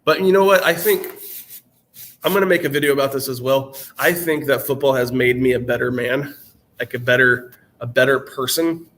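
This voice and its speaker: A man's voice: medium pitch, fairly even intonation, normal speed, a bit bright, a little hiss or hum. A man in his twenties with a general American accent, chatting casually on a live stream and answering questions, his voice worn out, rambling with many fillers and restarts. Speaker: channel host answering chat.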